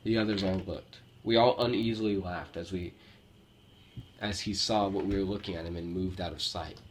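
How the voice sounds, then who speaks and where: A man from Romania with a Romanian accent, reading true scary stories aloud with a steady storytelling delivery and the odd slip. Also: deep voice, normal speed, slight background noise. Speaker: horror story narrator. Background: faint background music.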